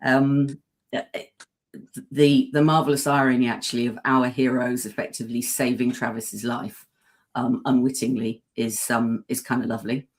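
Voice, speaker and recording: A podcast panelist in casual chat, hesitant and thoughtful. The voice sits at a middle pitch and is full of ums and pauses. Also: little pitch movement.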